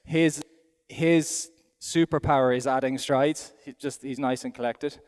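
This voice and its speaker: A man's voice: mid-range voice, fairly even intonation, measured pace, darkish tone. A middle-aged man with an Irish accent gives live demonstration commentary as an event rider, chatting aloud in a self-deprecating way while he rides. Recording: long hall reverb from an arena.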